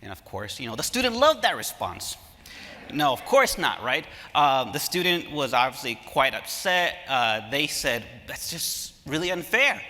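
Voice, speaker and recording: Man giving an animated conference talk. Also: medium pitch, moderate pace. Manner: animated storytelling, engages audience. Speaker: academic speaker. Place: lecture hall stage. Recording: reverberant hall.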